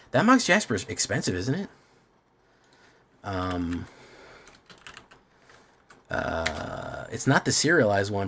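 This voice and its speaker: A man's voice: mid-range voice, a bit bright, a little hiss or hum. A man streaming a card game in casual chat, rambling and self-deprecating, swearing often.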